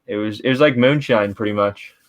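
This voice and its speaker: A man's voice: on the low side, fairly quick. A man from Canada hosting a podcast, chatting casually with lots of swearing and laughter. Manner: laid-back, profane, laughs often. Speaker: podcast host. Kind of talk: casual chat.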